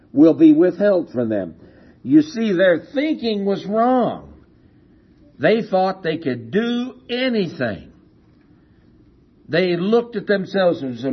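A man preaching a sermon, telling a story slowly and asking rhetorical questions, heard on a dull lo-fi recording. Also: on the high side, very animated, husky.

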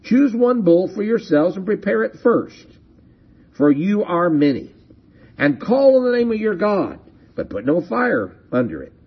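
A man's voice: sits high, big pitch swings, measured pace, slightly rough, dull audio, voice pushed up, full character voice. A preacher voicing a bold, fiery male prophet's lines while reading scripture in a sermon. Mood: commanding. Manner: declaiming, forceful.

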